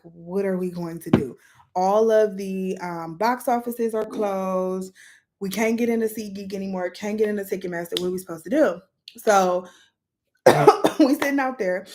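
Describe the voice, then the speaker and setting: A woman chatting casually in a storytime vlog, retelling events in a lively way while doing her makeup. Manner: lively, animated retelling with sudden jumps in pitch and volume. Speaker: vlogger telling a story.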